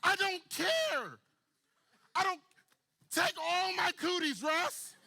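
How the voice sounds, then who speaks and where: A man acting out a desperate woman shoving through a crowd, pleading and then shouting shrilly. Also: a little high, voice pushed down. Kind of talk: comic acted-out Bible scene in a sermon.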